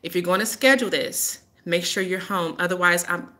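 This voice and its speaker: A woman talking straight to her viewers in a casual live stream, emphatic and insistent, circling back to the same point. Her voice sits a little low but comes across bright and forceful. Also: a little fast. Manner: emphatic, repeats her warnings. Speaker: healer hosting a live stream.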